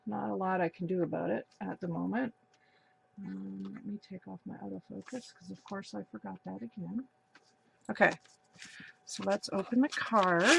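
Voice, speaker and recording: A woman hosting a crafting channel, gushing and gasping with excitement as she opens a birthday package in a casual unboxing vlog. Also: mid-range voice, noisy background. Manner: gushing, excited, breathy gasps.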